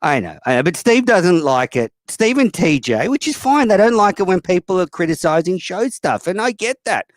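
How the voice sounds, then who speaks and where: A man's voice: sits high, very animated, moderate pace, few pauses, no echo. A man hosting a call-in show, talking bluntly and profanely with plenty of fillers. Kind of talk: casual call-in chat.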